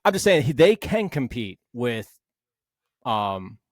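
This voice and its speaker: A man's voice: mid-range voice, slow, no room sound, clean studio sound. Argumentative man in a sports podcast. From Philadelphia Eagles fan. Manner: animated, argumentative, swears casually. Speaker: podcast co-host. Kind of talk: casual sports debate.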